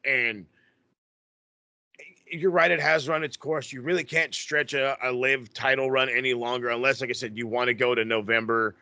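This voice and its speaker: A man co-hosting a wrestling podcast, talking in a rambling, profane, excitable way. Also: mid-range voice, moderate pace, no echo. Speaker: podcast co-host. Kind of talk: casual chat.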